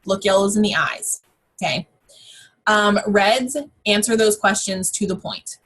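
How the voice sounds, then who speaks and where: A woman's voice: medium pitch, fairly even intonation, a little slow, fairly bright tone, breathy edge. A woman giving a casual, chatty sales training from her home office, full of fillers and exclamations. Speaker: network marketing team trainer.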